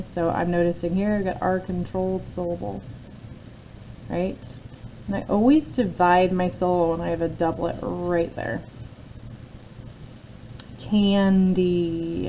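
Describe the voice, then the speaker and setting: Brief: woman teacher, lower mellow voice, patient step-by-step phonics lesson, faint noise behind. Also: fairly even intonation, takes it slowly, gravelly, long pauses, rough recording. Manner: patient, explains step by step with frequent "okay?" check-ins. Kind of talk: phonics lesson, talking through a word sort.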